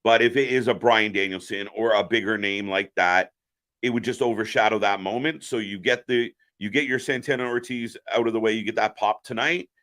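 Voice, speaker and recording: A man's voice: lowish voice, fairly even intonation, fairly quick, fairly bright tone. A man hosting a live reaction stream, giving opinionated, profane commentary.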